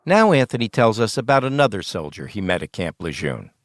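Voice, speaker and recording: A man hosting and narrating a documentary podcast in a measured, plain storytelling voice. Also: lowish voice, very animated, dry recording.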